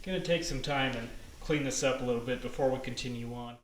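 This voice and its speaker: Young man, chatty how-to vlog host, joking, home garage, mid-pitched voice. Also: fast, slight background noise. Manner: chatty, jokey, relaxed explaining. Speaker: host of a car restoration channel.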